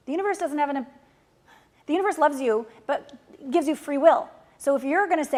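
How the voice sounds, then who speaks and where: A woman coach teaching a course lesson, blunt and casual, swinging between emphatic loud pushes and soft, tender passages. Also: high-pitched, animated, a little fast. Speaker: relationship and manifestation coach.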